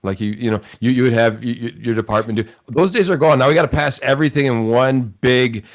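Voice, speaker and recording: A man's voice: medium pitch, fast. A man with a Wisconsin accent giving earnest, argumentative political commentary on a talk show.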